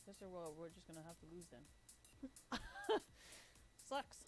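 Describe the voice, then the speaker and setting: A woman's voice: fairly low pitch, steady tone, quick pace, faint music behind, poor audio. A young woman streaming a game, talking casually in a blunt, heavily profane, complaining way. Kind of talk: casual live-stream chat while gaming.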